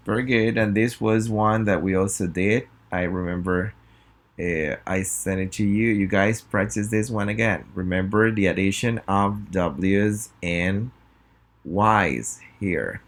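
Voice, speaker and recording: A man with a Spanish accent teaching English pronunciation in a recorded lesson, reading example sentences slowly and clearly for students to repeat. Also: lowish voice.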